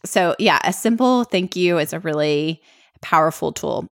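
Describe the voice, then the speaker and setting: A woman from Middle Tennessee with a Southern accent, co-hosting a podcast in casual, chatty conversation. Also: moderate pace. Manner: chatty, laughs easily, lively swoops in pitch. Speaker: podcast co-host. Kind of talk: casual chat.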